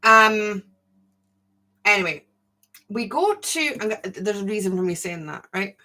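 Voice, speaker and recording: Bright-voiced woman telling a story. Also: mid-range voice, unhurried. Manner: animated storyteller, acts out quoted voices. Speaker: spiritual channel host. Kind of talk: casual storytelling livestream.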